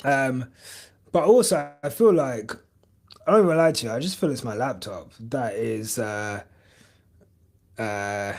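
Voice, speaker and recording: A man's voice: mid-range voice, measured pace, pauses often. A young man chatting casually on a live stream, rambling with many fillers and casual swearing. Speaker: podcast host streaming live.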